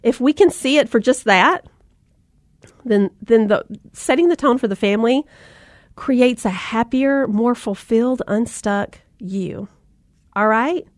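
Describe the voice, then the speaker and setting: A woman's voice: a little high, unhurried, no echo, clean studio sound. A middle-aged woman giving an upbeat, folksy motivational talk to mothers, calling them "mama" and "y'all".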